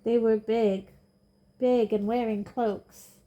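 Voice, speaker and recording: A woman's voice: fairly high pitch, fairly even intonation, takes it slowly, warm tone, highs cut off. A woman reading aloud, voicing a nervous, flustered elderly woman with a quavery voice who gabbles her words.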